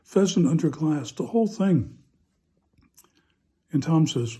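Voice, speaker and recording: A parish priest gives a homily and tells a funny story in a relaxed, chatty way, often pausing with "uh." His voice is very dark and mellow. It also sits slightly high for a man. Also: breathy edge.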